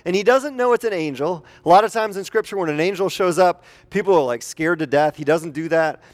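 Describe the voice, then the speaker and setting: A man preaching a conversational sermon as a pastor, animated and chatty, putting questions to the congregation. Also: high voice, a little fast.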